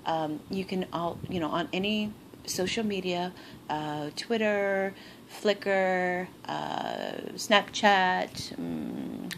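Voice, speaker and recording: In a casual crafting vlog shot on her phone in her bedroom, a woman opens gifts and gushes with excitement, often gasping and laughing. Her voice is fairly low with vocal fry, she speaks slowly, and the home recording is noisy.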